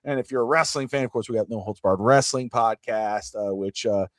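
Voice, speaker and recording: A man hosting a sports podcast in casual chat, rambling and animated as he drifts into side comments. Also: lowish voice, brisk, no room sound, clean studio sound. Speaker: podcast host.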